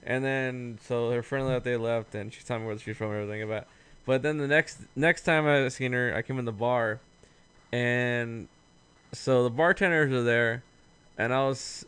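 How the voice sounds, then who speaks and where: A man's voice: medium pitch, a bit bright, clean tone. A man in his late twenties telling a long, rambling, profane story to friends in casual chat, acting out what people said. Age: late 20s. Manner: rambling, profane anecdote with acted-out quotes.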